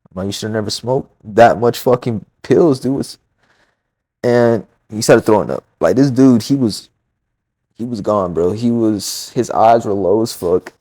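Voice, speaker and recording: A man's voice: fairly low pitch, a little slow, dark tone. A man casually retelling a personal story, rambling and profane, acting out quoted dialogue.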